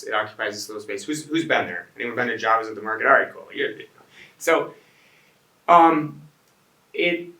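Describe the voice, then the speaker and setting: A man gives a loose, rambling talk to an audience, his voice bright and slightly forceful. The sound is roomy, caught from a distance off the mic. He keeps restarting phrases and throwing in asides to the listeners. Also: mid-range voice. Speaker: restaurant owner giving a design talk. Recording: echoey room, voice picked up from a distance.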